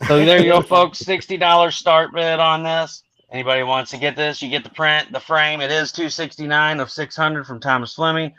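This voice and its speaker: A man's voice: on the high side, steady tone, a little fast, hardly any pauses, pushed and bright, clean tone. A man announcing an auction item in a plain, businesslike way. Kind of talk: casual chat. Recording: dull lo-fi audio.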